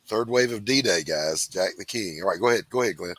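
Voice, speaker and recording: A man from the Southeastern United States, co-hosting a casual chat, animated and quick to interject. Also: deep voice, no echo. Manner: animated, laughs loudly, interjects. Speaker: co-host.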